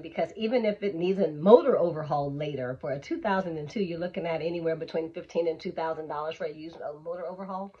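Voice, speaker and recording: A woman vlogger telling an animated, emphatic storytime, on a dull lo-fi recording. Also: low voice, husky. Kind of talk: storytime vlog.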